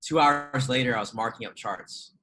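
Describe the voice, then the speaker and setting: This is a man speaking at an ordinary, mid-range pitch, in a loose and conversational way. He teaches trading and talks with heavy emphasis, driving his points home with rhetorical questions and frequent laughter. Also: normal speed, low-quality recording. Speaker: trading educator. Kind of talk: casual motivational talk.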